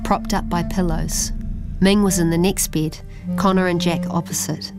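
A woman, reading a children's story aloud in a plain, steady way. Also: fairly low pitch, normal speed, vocal fry, loud music behind the voice. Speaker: narrator.

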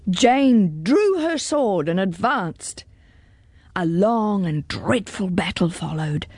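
A woman reading a children's storybook aloud in an expressive, deliberate way. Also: mid-range voice, breathy edge, no echo, studio quality.

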